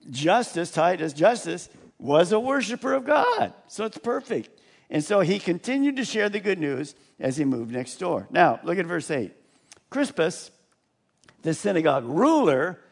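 Male pastor, animated sermon delivery, lively swooping pitch, pitched a bit high. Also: creaky. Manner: animated, chuckling, acts out quotes.

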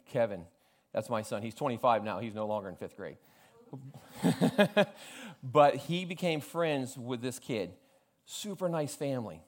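A man in his forties from South Florida preaching a sermon, telling funny family stories and quoting his father with lively acted lines. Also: mid-range voice. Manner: storytelling with humor, animated quoting of family. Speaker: pastor.

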